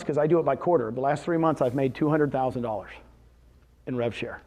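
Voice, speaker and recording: Guy pitching to a seminar crowd, lively stories, keeps asking the room questions, voice a bit high. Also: normal speed. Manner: animated storyteller, rhetorical questions to the crowd. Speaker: real estate seminar speaker. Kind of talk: motivational talk to an audience.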